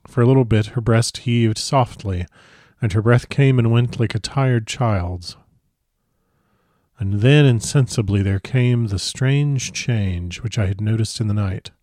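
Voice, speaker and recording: A man narrating a classic novel as an audiobook, with a measured, expressive reading. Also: medium pitch, dry recording, clean studio sound.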